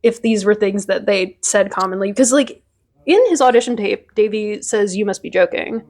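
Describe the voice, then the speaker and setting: A woman co-hosting a casual podcast chat, laughing often and retelling scenes in quick bursts. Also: medium pitch, darkish tone. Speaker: podcast co-host.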